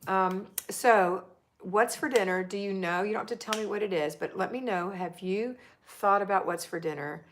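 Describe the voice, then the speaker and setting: A woman's voice: mid-range voice, fairly quick, hardly any pauses, slight background noise. A middle-aged woman hosting a live homemaking chat, reading viewer comments aloud and cheering them on. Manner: chatty and encouraging, reads comments aloud.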